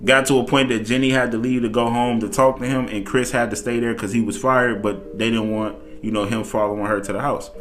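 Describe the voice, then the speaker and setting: A man's voice: mid-range voice, flat delivery, a little fast, few pauses, a bit bright. A man casually retelling a dramatic cheating story, acting out the quoted lines as he goes.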